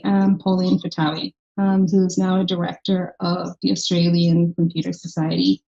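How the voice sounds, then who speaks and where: A woman from Ireland, a startup founder speaking as a guest in a conversational interview and telling her story in an animated way. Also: on the low side, creaky. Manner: animated storyteller who acts out quoted people. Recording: slightly dull lo-fi recording.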